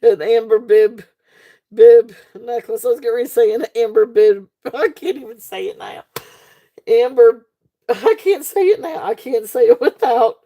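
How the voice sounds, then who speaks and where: A woman with a drawl hosting a live jewelry sale, unhurried and rambling as she chats with her viewers. She giggles often. Her voice sits a touch high and she takes her time. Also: mellow. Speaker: live-stream jewelry seller. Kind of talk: casual live-stream selling chat. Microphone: desk setup, face off camera.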